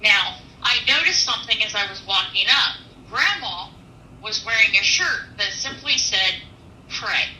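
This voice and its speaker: A woman truck driver telling a personal faith testimony in an earnest, animated storytelling manner, with pauses. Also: mid-range voice, roomy sound, far from the mic, a little hiss or hum, poor audio.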